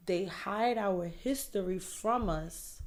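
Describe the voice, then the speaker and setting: A woman's voice: medium pitch, takes it slowly. A woman with a mid-range voice co-hosts a casual podcast. She talks frankly and with a lot of profanity, and she often drops in short agreeing replies. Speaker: podcast co-host. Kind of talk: casual chat.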